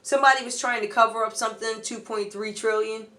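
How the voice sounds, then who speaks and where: A woman's voice: fairly high pitch, fairly even intonation, fast, pushed and bright. A woman doing a casual tarot reading, chatty and loose, talking straight to her viewers. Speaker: tarot reader.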